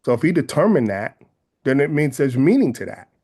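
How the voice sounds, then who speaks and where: A man's voice: mid-range voice, sing-song, mellow, husky. Earnest Bay Area man, thoughtful guest. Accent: San Francisco Bay Area. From San Francisco Bay Area. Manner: earnest, measured, circles back to rephrase ideas. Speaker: interview guest. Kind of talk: reflective interview conversation.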